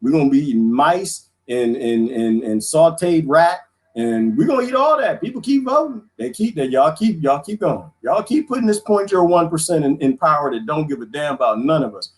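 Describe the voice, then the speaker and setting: A live streamer with a slightly high voice talks briskly, swapping crude jokes and animated stories with his viewers. He laughs frequently throughout the casual chat.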